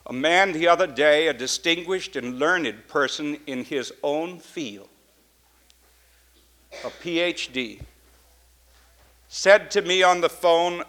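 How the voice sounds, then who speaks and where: A man preaching a sermon, swinging from loud, ringing emphasis to hushed, intense passages and repeating key phrases for effect. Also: fairly high pitch, takes it slowly, long pauses.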